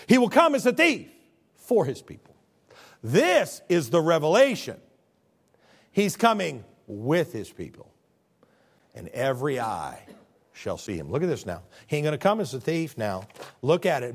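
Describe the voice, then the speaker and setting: A man preaching a sermon in a folksy, conversational way, swinging from loud exclamations to hushed tones. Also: on the high side, huge pitch swings, normal speed, slightly rough. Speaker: pastor.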